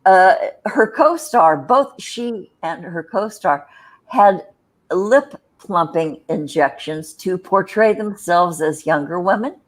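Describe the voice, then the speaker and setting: A woman with a fairly low voice co-hosts a casual talk show. She tells long, wry anecdotes in a loose, chatty way, with plenty of fillers and restarts. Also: expressive, slow. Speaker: co-host. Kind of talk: casual podcast chat.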